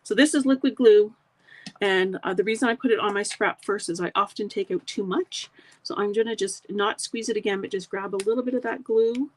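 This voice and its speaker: A woman's voice: medium pitch, fairly quick. A middle-aged woman, chatting casually with live viewers as she demonstrates a craft project step by step. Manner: chatty, talks to live viewers while working.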